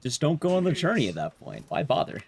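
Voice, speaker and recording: A young man streaming a game, chatting with viewers in a deadpan, joking way. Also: medium pitch, fast, creaky. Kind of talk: casual gameplay commentary.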